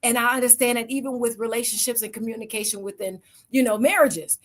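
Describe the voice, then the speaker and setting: Higher-voiced woman giving a motivational talk. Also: fairly even intonation, fast talker. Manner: storytelling, acting out quoted voices. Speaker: event speaker.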